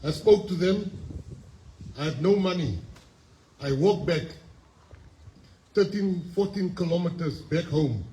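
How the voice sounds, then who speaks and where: A South African man in his fifties tells his life story to a school assembly in a slightly raised, mellow voice. He speaks emphatically and repeats phrases for weight. The hall is echoey and has a faint hum of ambience. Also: high-pitched, a little slow, pauses often. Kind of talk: motivational speech.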